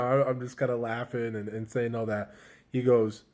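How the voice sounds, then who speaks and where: A man's voice: medium pitch, brisk, a little mellow. A man casually telling a personal story to camera, candid and chatty, with slang and lots of fillers. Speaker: vlogger sharing a personal story.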